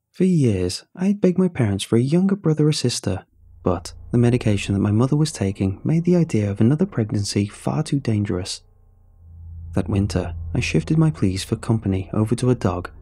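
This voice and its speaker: Deep husky guy reading a creepy story, slow and somber, soft music behind. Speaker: horror story narrator. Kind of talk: scripted narration. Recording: faint music under the narration.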